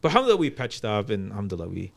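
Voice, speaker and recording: A man's voice: fairly low pitch, huge pitch swings, racing, vocal fry. A man co-hosting a podcast, chatting casually and hesitantly with lots of fillers and restarts. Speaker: podcast co-host. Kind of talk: casual chat.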